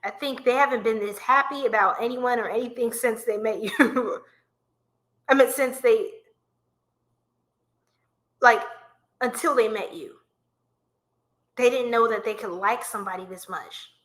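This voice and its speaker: A woman gives a live tarot reading to her viewers. Her voice is bright and a little high, and she keeps things chatty and playful, laughing often. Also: a little slow, long pauses. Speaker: tarot reader.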